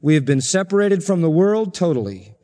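A man preaching a sermon as pastor, emphatic and repetitive, stressing key phrases slowly. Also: on the high side, sing-song, warm tone, long reverb tail.

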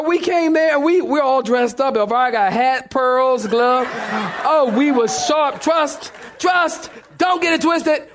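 High-voiced pastor preaching with humor. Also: male voice. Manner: humorous, storytelling, talks back and forth with the congregation. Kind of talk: sermon. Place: church sanctuary before a congregation.

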